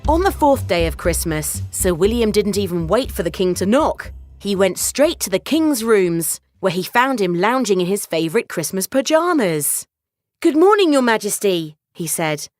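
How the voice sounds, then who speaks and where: A woman narrating a scripted children's story in an animated storytelling manner. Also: medium pitch, moderate pace, no room sound, clean studio sound, faint music behind.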